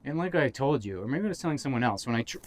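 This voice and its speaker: This podcast co-host from Massachusetts keeps things casual, joking and rambling with the occasional mock-dramatic outburst. He speaks very fast and expressively at medium pitch.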